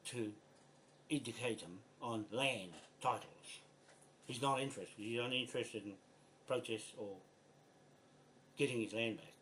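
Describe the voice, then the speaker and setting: An older New Zealand man, a land rights activist, records a frustrated video message, speaking bluntly, exasperated and swearing. His voice is medium-pitched and fairly bright, with slight background noise.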